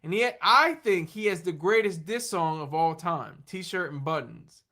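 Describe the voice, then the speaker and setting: This exhausted streamer chats aimlessly with a bright, forceful mid-range voice, full of lively intonation at a normal speed. Laughter comes often, and so do replies to whatever the chat throws up, all while clearly running on empty.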